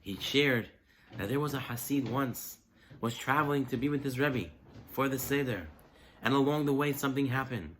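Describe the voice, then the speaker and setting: A man's voice: medium pitch, normal speed, a bit bright, slight background noise. A man giving a holiday sermon as a rabbi, telling stories animatedly with rhetorical questions.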